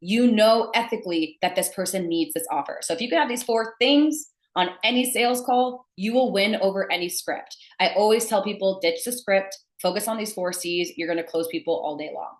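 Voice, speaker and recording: A woman's voice: medium pitch, brisk, hardly any pauses. A young adult woman teaching sales to camera in an emphatic, blunt manner. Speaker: sales coach. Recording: echoey room.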